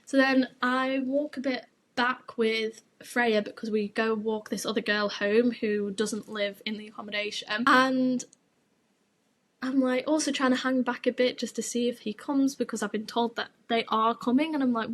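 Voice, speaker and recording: A woman's voice: a little high, steady tone, normal speed. A young woman, hosting her podcast and telling a gossipy story in a frank, sweary, chatty way. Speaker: podcast host.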